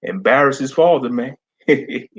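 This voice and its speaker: A man's voice: medium pitch, expressive, a little slow, slight background noise. A man hosting a casual online commentary stream, blunt and slangy, laughing often.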